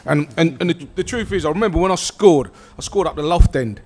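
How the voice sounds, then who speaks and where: A man's voice: fairly high pitch, brisk, darkish tone. A man, a former footballer telling a story on stage with many restarts and easy laughter. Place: live event with an audience.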